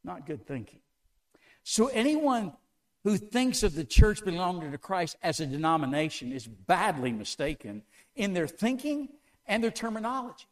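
Lively high-voiced male preacher. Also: normal speed. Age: older. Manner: asks the congregation many questions, lively emphatic delivery. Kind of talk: sermon.

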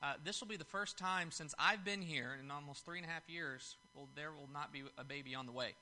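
A man preaching in church, with a high, very bright voice. He tells his story in a folksy, homespun way, with fillers and little restarts along the way. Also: brisk, a little hiss or hum. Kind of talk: sermon. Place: church service.

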